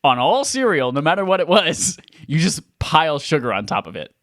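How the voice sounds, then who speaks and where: An animated podcast co-host telling stories with mock drama and real enthusiasm. The voice sits mid-range and swings widely in pitch. The recording is close and completely dry. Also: fairly quick, dry recording. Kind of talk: casual chat.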